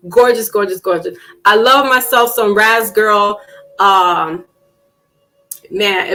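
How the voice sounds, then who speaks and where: A woman hosting a casual live-stream panel, chatting loosely with plenty of fillers and restarts and getting animated when she tells a story. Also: mid-range voice, rough recording. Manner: animated when telling stories.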